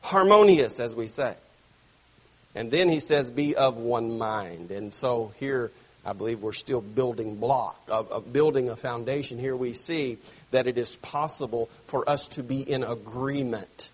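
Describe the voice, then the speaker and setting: A man preaching a sermon to his church, stressing phrases slowly and dropping suddenly soft. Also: medium pitch, husky. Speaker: pastor.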